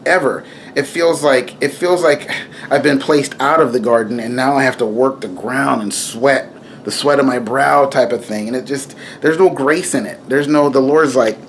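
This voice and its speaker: A young man talks faith straight to his viewers in a loose, rambling way, full of asides and restarts. His voice sits mid-range but leaps upward when he gets excited. A faint hiss hangs behind him. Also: mid-range voice. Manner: rambling and animated, with frequent asides and self-corrections. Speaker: video preacher. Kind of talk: casual spiritual talk to camera.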